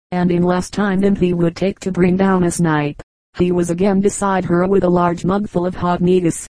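A woman reading a story aloud in steady, measured scripted narration, with a close microphone. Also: on the low side, dry recording, poor audio. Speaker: audiobook reader.

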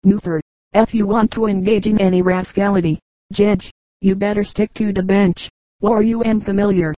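A woman's voice: mid-range voice, steady tone, normal speed, mellow, no echo, close to an everyday voice, low-quality recording. A woman reading the part of a cheeky petty thief answering a judge in folksy dialect. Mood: sly.

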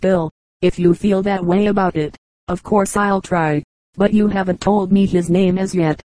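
A woman reading as a gentle young traveler. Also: mid-range voice, steady tone, moderate pace, dry recording, close to an everyday voice. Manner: gentle, reassuring.

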